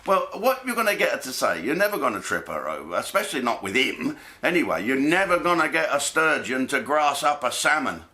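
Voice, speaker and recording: A man's voice: mid-range voice, big pitch swings, brisk, hardly any pauses, sharp tone. A man, doing a blokey, jokey comic monologue full of swearing and asides. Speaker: comedian host.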